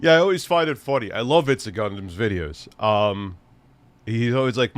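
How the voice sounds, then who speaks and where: A man's voice: fairly low pitch, expressive, fairly quick. A man hosting a livestream, rambling through casual chat with crude, profane jokes and frequent restarts. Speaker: livestream host.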